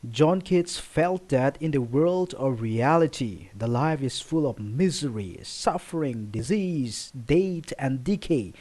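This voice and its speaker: A man giving a recorded poetry lesson, explaining slowly and listing words one by one. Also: mid-range voice, animated, darkish tone. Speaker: teacher.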